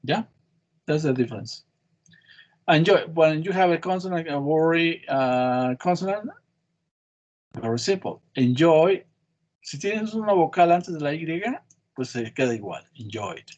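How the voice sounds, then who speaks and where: A man leads an English class, repeating each word slowly to show where the stress falls. He slips back and forth between English and as he explains. His voice sits a little higher than most men's. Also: animated, a little mellow, dull audio. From Mexico. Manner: switches between English and Spanish, repeats words to model stress. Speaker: English teacher. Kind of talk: classroom lesson.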